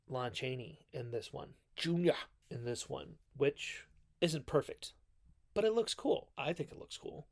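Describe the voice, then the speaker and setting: A man with a medium-pitched voice and vocal fry hosts a casual recap video on classic films. He rambles and corrects himself as he goes, quoting characters in mock voices.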